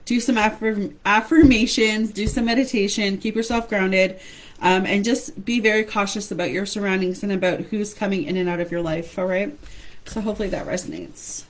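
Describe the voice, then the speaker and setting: A woman reads tarot cards live for her viewers, calling each by name and using endearments like honey and my love. Her voice is slightly hoarse from talking so long. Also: mid-range voice, steady tone, moderate pace, rough recording. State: losing her voice. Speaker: tarot reader. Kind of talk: live-stream tarot reading.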